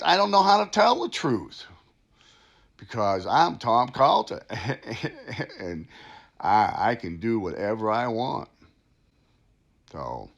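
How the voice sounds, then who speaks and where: A man's voice: on the high side, creaky, dull audio, exaggerated voice. A man playing a smug, boastful, crooked town official who brags about himself and laughs at his own lies. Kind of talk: satirical comedy monologue.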